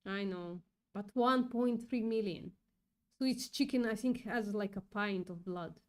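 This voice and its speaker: A woman's voice: medium pitch, a little slow. A woman hosting a casual livestream, upset and thinking aloud, swearing often as she reads chat. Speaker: livestream host reading chat.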